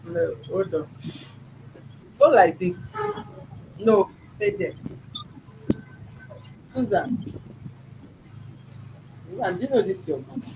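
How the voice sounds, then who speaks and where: A man's voice: high-pitched, expressive, slow, pauses often, background noise. A man, hosting a mediation and firmly questioning a child, repeating his questions. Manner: firm, probing, repeats questions. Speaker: mediator host. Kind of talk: questioning a child in a family dispute.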